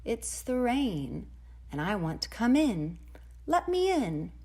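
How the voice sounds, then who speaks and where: A woman voicing the rain as a soft, gloomy little voice pleading to come in, in a storybook read-aloud. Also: mid-range voice, unhurried, lightly acted.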